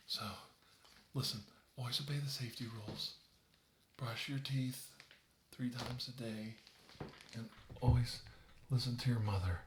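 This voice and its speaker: A middle-aged man giving a comedic ASMR demonstration, talking softly, then groaning and whispering in mock pain. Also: mid-range voice, steady tone, unhurried, pauses often, far from the mic. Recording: roomy echo, a bit off-mic, faint hiss.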